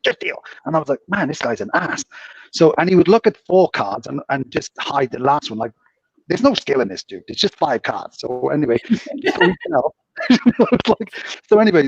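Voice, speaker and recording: A man's voice: mid-range voice, vocal fry, slightly rough, no echo. A man, a casino dealer, casually telling rambling anecdotes on a podcast. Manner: rambling anecdotes with frequent laughs. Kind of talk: casual storytelling. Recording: dull lo-fi audio.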